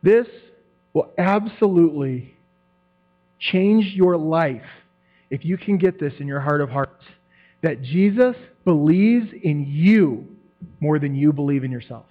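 A man tells his testimony to a church group, his voice sitting a bit high as he animates the story and acts out what others said. The sound is thin and phone-like, with a steady mains hum underneath. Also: measured pace. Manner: animated storytelling, acts out quotes, laughs often. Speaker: church member giving a testimony.

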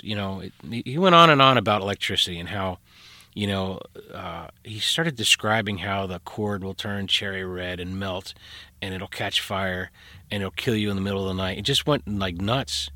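A middle-aged man tells a personal story in a relaxed, rambling way, with plenty of fillers and quoted dialogue he acts out. His voice sits low but sounds bright and forward. The recording is close and dry. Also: normal speed, dry recording. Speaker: podcast guest. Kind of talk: casual storytelling.

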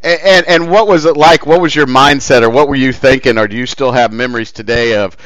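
A man interviewing a guest, asking halting questions that he keeps rephrasing. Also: medium pitch, fairly bright tone. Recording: dry, dull lo-fi audio.

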